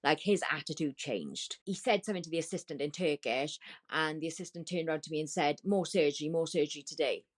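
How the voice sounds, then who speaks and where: A woman guest on a talk show, telling a painful story in a halting, distressed way with many restarts. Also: deep voice, lively intonation. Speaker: podcast guest. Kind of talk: emotional storytelling.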